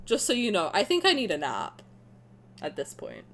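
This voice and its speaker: A woman streaming a game, chatting in an excitable, laughing way that bursts into yells. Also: mid-range voice, normal speed. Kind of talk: excited casual reaction stream chat.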